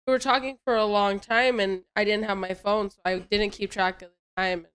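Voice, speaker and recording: Young woman, casual podcast storytelling, rambling, repeats herself, crisp clear voice. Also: mid-range voice, steady tone, moderate pace, fairly bright tone.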